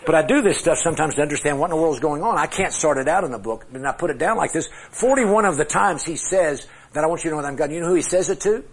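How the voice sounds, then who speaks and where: A man's voice: on the high side, lively intonation, fast talker, hardly any pauses, breathy edge. A middle-aged man teaching a Bible class with charts, talking conversationally, asking the class questions and joking at his own expense. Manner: self-deprecating humor.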